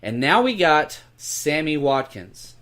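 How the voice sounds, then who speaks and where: A man's voice: on the high side, very animated, takes it slowly, a bit bright. A man co-hosting a podcast, talking through fantasy football picks in casual chat and urging listeners to make moves. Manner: emphatic, urging listeners to pick up players. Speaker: podcast co-host.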